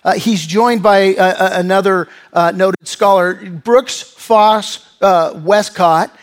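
High-voiced man preaching a sermon. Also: takes it slowly. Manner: earnest, conversational preaching with frequent restarts and fillers. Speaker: pastor.

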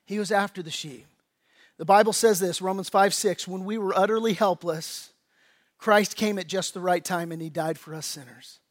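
A male pastor preaching a sermon in a folksy, conversational way, rising loud for emphasis and dropping low and quiet on solemn points. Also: normal speed. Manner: folksy, conversational preaching with animated swings in volume.

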